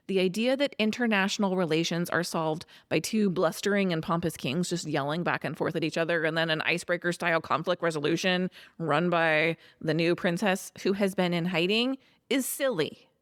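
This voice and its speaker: A woman's voice: lowish voice, moderate pace, no room sound, studio quality. A woman co-hosting a podcast, casually giving opinionated movie critiques with lots of asides. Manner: opinionated, animated, many asides. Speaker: podcast co-host. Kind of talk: casual chat reviewing a movie.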